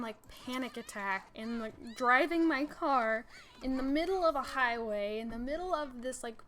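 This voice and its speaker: A young adult woman telling an animated story over gameplay, full of "like" fillers. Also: fairly high pitch, slight background noise. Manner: animated, breathless retelling with many "like" fillers. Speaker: gaming channel host.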